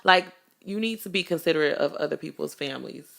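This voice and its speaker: Woman podcast co-host, slightly low with a rough fry, blunt and slangy. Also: fast talker, a bit bright. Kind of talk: casual chat.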